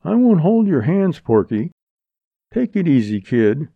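A man voicing an easygoing outlaw who speaks in a relaxed, scornful frontier drawl. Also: a little high, unhurried, husky, no room sound, pitched above the performer's own voice, heavily acted. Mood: easy, scornful. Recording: dull lo-fi audiobook recording.

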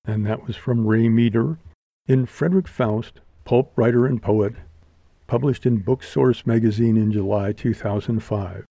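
A man narrating an audiobook in a measured, even reading. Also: mid-range voice, vocal fry, no echo. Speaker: audiobook reader. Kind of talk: scripted narration.

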